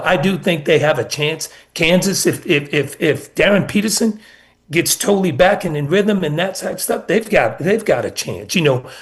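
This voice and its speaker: Storytelling basketball coach, middle-aged man. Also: a little high. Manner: storytelling, repeats words. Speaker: college basketball coach, guest. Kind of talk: casual radio interview.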